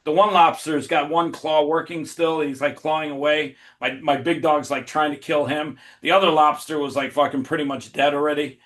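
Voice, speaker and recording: A man telling a story in a relaxed podcast chat. His voice sits a touch high for a man, and he tells the tale with loose, profane energy and bursts of laughter. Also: normal speed, few pauses. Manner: animated, swearing, laughing storyteller. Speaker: podcast guest. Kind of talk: casual storytelling.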